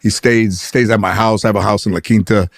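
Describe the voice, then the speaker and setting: A man guesting on a talk show, telling a comic anecdote with animated, profane energy, laughing often. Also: lowish voice, quick pace, vocal fry, no room sound, clean studio sound. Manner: animated, profane, laughing, mimics others' voices. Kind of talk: comedic anecdote storytelling.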